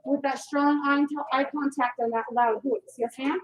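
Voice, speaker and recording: A woman instructor leading a children's karate class with loud, energetic call-and-response coaching. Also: sits high, normal speed, poor audio. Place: indoor karate studio. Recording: heavy background noise.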